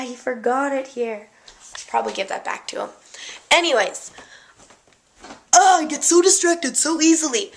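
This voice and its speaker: A woman's voice: on the high side, sharp tone. A young woman from Canada with a girlish voice, chatting casually to the camera at home, easily distracted and giggly. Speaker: vlogger. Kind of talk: casual chat.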